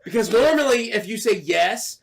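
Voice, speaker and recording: Animated, gravelly man telling a story. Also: high-pitched, moderate pace. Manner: animated, swearing, acting out his own lines with laughter. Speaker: podcast co-host. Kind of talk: casual storytelling.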